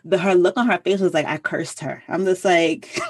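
A woman's voice: fairly low pitch, steady tone, normal speed, breathy edge. A young adult woman, a podcast guest, telling stories in a frank, humorous, casual way. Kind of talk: casual conversation.

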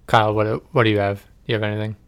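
A man's voice: on the low side, racing, clear, resonant tone. A man in casual chat, telling stories animatedly and acting out the people in them. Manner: animated storyteller who acts out voices in anecdotes.

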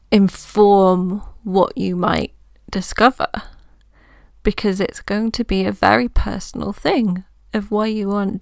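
A woman coach hosting her own podcast, talking through ideas in a gentle, reassuring way, as if thinking aloud. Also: mid-range voice, vocal fry, dry recording, clean studio sound. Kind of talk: reflective solo podcast talk.

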